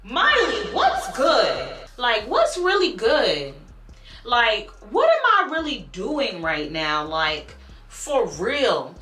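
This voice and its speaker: Blunt, animated woman telling a story. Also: fairly high pitch, slow, reverberant, faint music behind. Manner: animated, blunt, swears freely. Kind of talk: casual storytime vlog.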